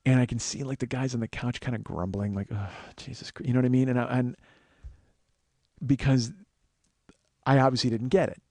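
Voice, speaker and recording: In a no-echo recording, a man in his 40s hosts a podcast and spins a lengthy story full of profanity, picking up speed as it builds. His mid-range voice stays steady in tone and is slightly mellow.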